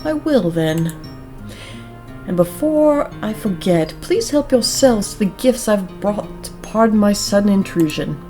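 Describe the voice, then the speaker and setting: A woman's voice: mid-range voice, animated, measured pace, mellow, soft background music, lightly acted. A woman voicing a snobby, jealous rich young man who talks down to people in a condescending, haughty manner. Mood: stiff polite.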